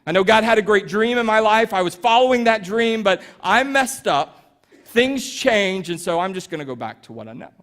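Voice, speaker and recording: A man voicing Peter as an ashamed fisherman who is flustered and quick to dodge blame. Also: sits high, lively intonation, fairly bright tone. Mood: resigned. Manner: flustered, dodging, sheepish.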